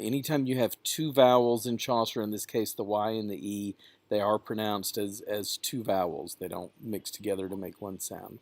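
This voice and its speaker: A man teaching a class, reading verse aloud and explaining how to pronounce it, unhurried and with frequent fillers. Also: on the low side, darkish tone, dry recording.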